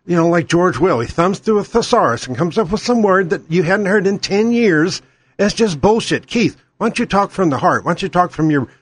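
A man's voice: a little high, no echo. A middle-aged man delivering an angry, profane, sarcastic political rant as a talk show host. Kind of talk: ranting political monologue.

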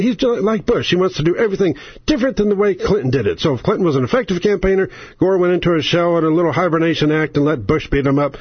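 A man's voice: high voice, quick pace, husky, no echo. A man hosting a talk radio show, ranting in an angry, sarcastic, exasperated way. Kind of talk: political radio rant. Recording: lo-fi, dry radio sound.

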